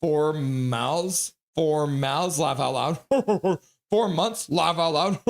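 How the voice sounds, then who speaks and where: Excitable man streaming hockey. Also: a little high, drawn-out words, creaky. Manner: excitable, shouts out viewers' chat messages. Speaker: streamer doing live hockey play-by-play. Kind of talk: casual live-stream commentary.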